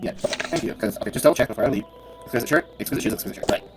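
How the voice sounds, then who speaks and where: A man's voice: medium pitch, racing, over music. A man giving casual gameplay commentary, muttering to himself and bursting into cursing rants. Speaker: gamer playing a role-playing game.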